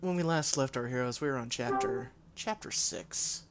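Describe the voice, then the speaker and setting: A man's voice: medium pitch, moderate pace, a little hiss or hum. A man live-streaming a game from home on a desk microphone, rambling in a casual, self-deprecating way with frequent restarts and sighs.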